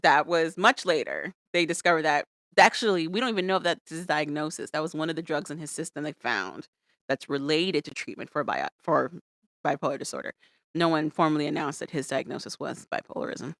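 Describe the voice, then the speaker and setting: Her low-pitched voice moves a little fast as she co-hosts a podcast recapping reality shows in casual conversation. She animatedly acts out quotes using playful voices, and the recording is dry and studio quality.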